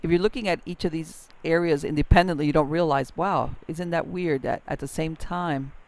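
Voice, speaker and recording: Smooth-voiced male podcast host. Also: on the high side, fairly even intonation, fairly quick. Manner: affirming, sums up the guest's points. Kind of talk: casual interview talk.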